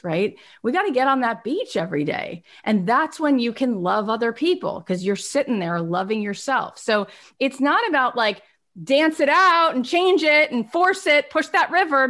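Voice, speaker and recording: Earnest woman giving a motivational talk. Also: a little high. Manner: earnest, emphatic, swings between soft and animated. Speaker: inspirational speaker. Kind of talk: motivational self-help talk.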